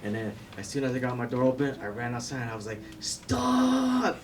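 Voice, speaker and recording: A man recounts a personal story at a memorial, pausing to check in with his listeners. His voice comes from a distance, with a noisy background. His pitch sits mid-range. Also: steady tone. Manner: storytelling, repeats "right?". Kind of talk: informal memorial speech. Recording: distant mic with clear background noise.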